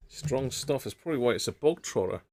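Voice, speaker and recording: Guy with a gravelly voice mumbling thru a radio repair on a live stream, chatty. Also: mid-range voice, expressive, brisk, darkish tone. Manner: thinking aloud, rambling with fillers, chatting to viewers. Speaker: radio repair livestream host. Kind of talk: casual live-stream chat while repairing.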